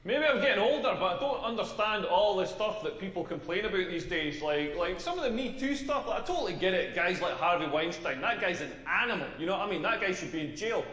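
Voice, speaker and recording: An actor playing a crude, brash Scottish stand-up comedian, with a punchline-driven delivery. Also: male voice, high voice, animated, fast, hardly any pauses, a bit bright, roomy sound, in a large hall, recorded from a distance. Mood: cocky.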